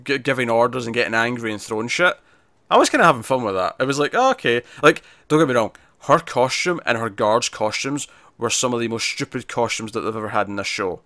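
Bright-voiced, animated man chatting. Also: medium pitch, no echo. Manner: animated, rambling, drops into quick impressions. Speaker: podcast co-host. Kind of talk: casual chat reviewing a TV episode.

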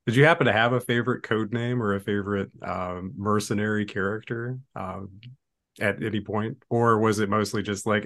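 Low-voiced man hosting a casual movie chat. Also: fairly even intonation, normal speed, a bit bright. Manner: rambling, full of fillers and acted-out quotes. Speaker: podcast host.

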